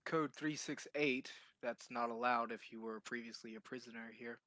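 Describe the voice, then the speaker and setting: An overly polite, submissive giant, as a player voices him, all formal apologies and careful courtesy. The tone is bright and forward. It is recorded dry and close to the mic. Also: male voice, medium pitch, fairly even intonation, normal speed, no room sound, natural voice.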